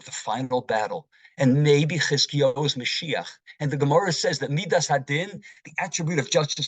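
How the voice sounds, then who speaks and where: A man, a rabbi, giving a sermon in a slow, deliberate teaching manner, posing rhetorical questions to his congregation. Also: mid-range voice, fairly bright tone, slightly rough, dry recording, low-quality recording.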